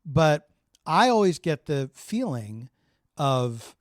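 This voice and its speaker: Low-voiced, relaxed woman chatting. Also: slow, no room sound, studio quality. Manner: relaxed, supportive listener with many "mm-hmm"s. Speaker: podcast co-host. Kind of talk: casual chat. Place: home.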